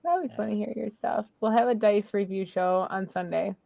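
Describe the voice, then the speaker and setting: A woman's voice: mid-range voice, fairly even intonation, fairly quick, creaky, a crowd in the background. A woman co-hosting a casual music review stream, giggly and hesitant, with many ums.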